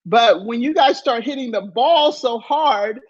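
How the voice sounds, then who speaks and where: A middle-aged woman hosting a casual chat, asking relaxed questions and laughing along. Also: a little high, measured pace, slightly rough. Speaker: host, former tennis player. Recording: slightly dull, muffled audio.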